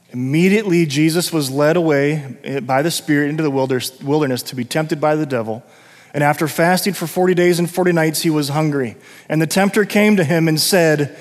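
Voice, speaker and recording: A middle-aged man preaching a sermon as pastor, reading scripture and breaking into casual asides and short laughs. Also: a little high. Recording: long hall reverb.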